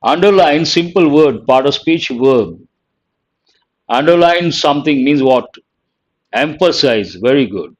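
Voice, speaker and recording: Male teacher, slightly high voice, very slow and deliberate, dull lo-fi stream audio. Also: expressive. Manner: slow, deliberate, reading out words one at a time. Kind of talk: live online vocabulary lesson.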